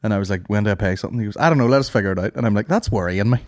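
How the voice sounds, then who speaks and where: On the low side and darkish in tone, this podcast host's voice rattles along rapid-fire as he swaps casual, profane banter, spins funny stories, and laughs a lot.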